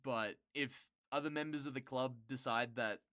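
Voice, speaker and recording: A streamer chatting casually with viewers, rambling and swearing, quickly getting worked up and loud. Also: medium pitch, fairly even intonation, dry recording, studio quality. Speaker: streamer answering chat.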